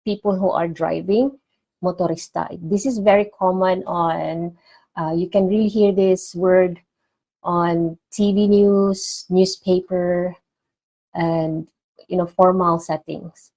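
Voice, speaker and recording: A woman gives a relaxed online language lesson and says each new word several times so learners can follow. She speaks at an unhurried, careful pace in a fairly low voice. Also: low-quality recording. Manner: repeats each word slowly and clearly for learners. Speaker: language teacher.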